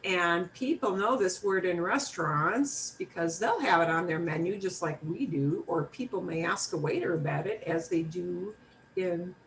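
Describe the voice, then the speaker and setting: An American woman teaching a beginners' Spanish class, slowly modeling each word for her students to repeat. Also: on the low side. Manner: slow, clear modeling of words for repetition. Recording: room mic from a distance, faint noise.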